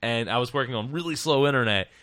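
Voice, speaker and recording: A man's voice: medium pitch, fast talker, a bit bright, no room sound, studio quality. A man hosting a podcast over a remote call, chatting in an upbeat, rambling way with lots of restarts. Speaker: podcast host. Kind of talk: casual interview chat. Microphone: remote call setup.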